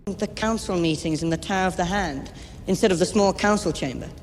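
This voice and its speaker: A man's voice: high voice, fairly quick, natural voice. Young actor doing a bratty teen king, taunting, big reverb hall, bit of hiss. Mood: questioning. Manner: haughty, taunting, rising to shouts. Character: arrogant, petulant teenage boy king. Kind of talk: TV drama acting. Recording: reverberant hall with faint noise.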